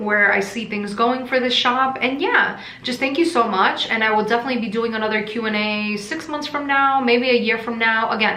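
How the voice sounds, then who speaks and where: A woman's voice: a little high, pushed and bright. A woman from Russia who runs a crystal shop, chatting casually and rambling a bit while answering viewer questions in a vlog; she tends to mumble. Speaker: crystal shop owner and vlogger. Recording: roomy echo.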